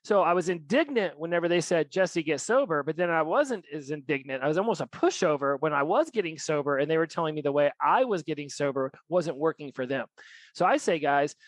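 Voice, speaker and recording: Man, podcast host; candid and reflective, a touch higher-pitched, dry close mic. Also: animated, a little fast, no echo, low-quality recording. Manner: candid, reflective, swears casually. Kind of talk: casual podcast conversation.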